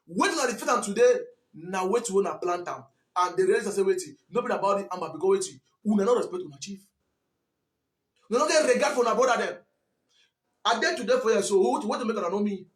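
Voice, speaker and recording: A commentator from Southwest Cameroon, speaking Cameroonian Pidgin English in a very high voice, delivers a fiery, preachy monologue, scolding and repeating himself for emphasis. He talks fast with lively intonation, and the room gives a clear echo.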